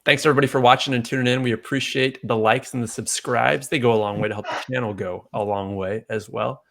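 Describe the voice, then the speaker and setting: A man hosting a casual podcast chat, telling a rambling story and getting animated when he quotes people. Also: medium pitch, fast, vocal fry. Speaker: podcast host.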